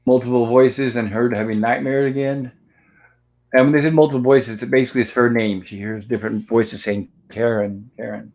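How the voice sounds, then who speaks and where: A man hosts a relaxed movie review livestream. He recaps the film scene by scene, reading the characters' lines aloud as he goes. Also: medium pitch, fairly quick, rough recording. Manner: narrates scenes step by step, reading out dialogue.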